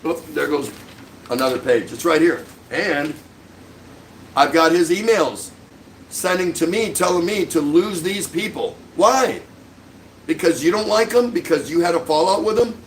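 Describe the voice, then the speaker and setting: A man's voice: on the high side, expressive, unhurried, long pauses, a little hiss or hum, low-quality recording. A middle-aged man hosting a livestream, delivering an angry, sarcastic rant full of insults. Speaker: livestream host.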